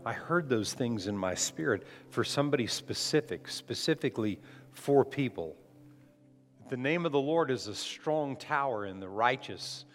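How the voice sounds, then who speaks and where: A man preaching a conversational sermon as a pastor, often restarting his phrases. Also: medium pitch. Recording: long hall reverb.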